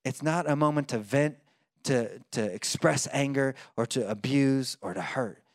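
Conversational preacher, dry sound. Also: male voice, medium pitch, measured pace, no echo. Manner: conversational preaching with fillers and restarts. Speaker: pastor. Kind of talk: sermon.

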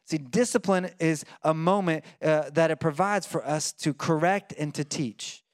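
A man's voice: a little high, measured pace, no room sound, studio quality. A man preaching a sermon in a conversational way, with fillers and restarts. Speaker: pastor.

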